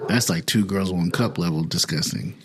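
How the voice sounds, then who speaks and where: A young man co-hosting a casual podcast, telling stories with profane slang in an animated way. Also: sits low, moderate pace, background noise. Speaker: podcast co-host.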